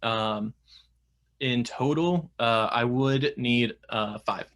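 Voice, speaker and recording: A man's voice: medium pitch, slow pace, fairly bright tone. A young man talking casually as an interview guest, chatty, with many fillers and restarts.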